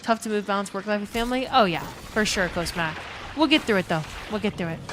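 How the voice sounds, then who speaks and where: A woman's voice: mid-range voice, animated, fast talker. Chatty woman streamer, game noise behind. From New Orleans, USA. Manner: chatty, swears freely, reads chat aloud. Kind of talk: casual chat with viewers.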